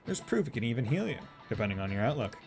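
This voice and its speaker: A streamer voicing a calm male school counselor in a game, reassuring, quick explanations, lively pitch, faint game music behind. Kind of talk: reading game dialogue aloud.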